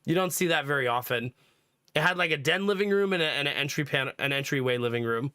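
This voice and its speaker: A man's voice: a little high, animated, quick pace, pushed and bright, clear, resonant tone, no room sound, clean studio sound. A man with a cold, telling a story to his stream chat in a casual, laughing way. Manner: chatty storytelling, laughs often, acts out quotes. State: has a cold.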